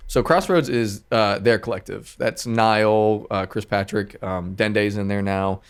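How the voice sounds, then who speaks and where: A man with a fairly low voice, chatting as a music producer on a podcast. He talks loosely and rambles, circling back through his thoughts with plenty of fillers along the way. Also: measured pace, clear, resonant tone. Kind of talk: casual podcast chat.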